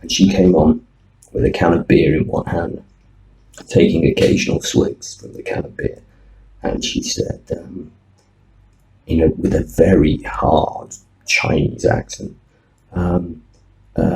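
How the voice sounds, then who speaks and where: A man's voice: deep voice, flat delivery, unhurried, vocal fry, long pauses, darkish tone, rough recording. A man, an online English teacher, telling wry, rambling anecdotes about his students in a casual vlog. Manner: wry, rambling storyteller with many ums.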